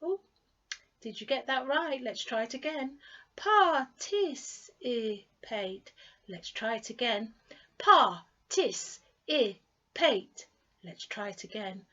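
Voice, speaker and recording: A woman with a British accent teaching an English pronunciation lesson. She stretches out each model word clearly and patiently repeats words for the learner to copy. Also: a little high, lively intonation, moderate pace, a bit bright, highs cut off.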